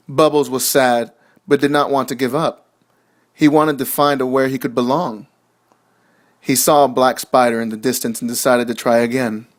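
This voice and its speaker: A young man reads a children's storybook aloud in a gentle, measured way. His voice sits at an ordinary middle pitch for a man. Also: steady tone. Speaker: narrator. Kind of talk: storybook narration.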